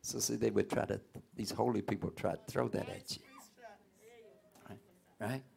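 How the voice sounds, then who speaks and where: A man preaching a sermon, often rising into loud outbursts. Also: fairly low pitch, fairly even intonation, moderate pace, creaky. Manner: folksy, call-and-response preaching with sudden loud outbursts.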